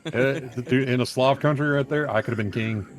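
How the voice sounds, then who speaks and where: A man telling stories in a loose, rambling way, swearing freely and leaning on fillers. His voice sits at an ordinary pitch. He jumps between acted-out bits and plain narration. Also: fairly quick, crowd noise. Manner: profane, rambling storyteller who acts out quotes. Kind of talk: casual chat.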